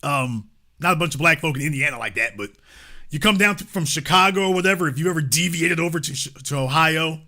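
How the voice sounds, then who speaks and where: A man hosting a political commentary show, speaking emphatically with rhetorical questions and drawn-out stresses. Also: a little high, bright, forceful tone.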